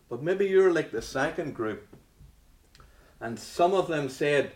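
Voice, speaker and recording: Man preaching loudly in an echoey room. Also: fairly high pitch, animated, slow pace, pauses often, recorded from a distance. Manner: dramatic, swings from loud rhetorical questions to hushed near-whispers. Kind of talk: sermon.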